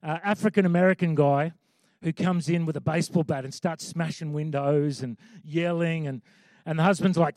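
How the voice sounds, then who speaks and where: Man, pastor, high-pitched, dry recording, conversational sermon. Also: fairly even intonation, moderate pace, a little mellow, no room sound. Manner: conversational preaching with emphatic repeated lines.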